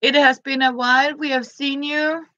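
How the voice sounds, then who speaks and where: A woman, chatting gently on a live stream and greeting her viewers by name. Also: sits high, flat delivery, normal speed, no echo, lo-fi sound. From Denmark. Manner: greets viewers by name between thoughts, gentle, frequent soft laughs. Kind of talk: casual live-stream chat.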